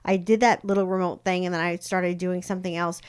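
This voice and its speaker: A woman's voice: on the low side, little pitch movement, brisk, clear, resonant tone. A woman psychic talking casually on a live stream, chatty and rambling with many fillers. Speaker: psychic tarot reader.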